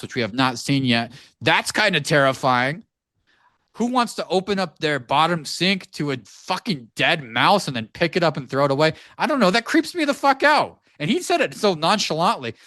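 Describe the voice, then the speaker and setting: A man co-hosting a podcast, telling a story in an animated, profane ranting way from a home studio. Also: on the high side, moderate pace, dry recording. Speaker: podcast co-host. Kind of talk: casual podcast chat.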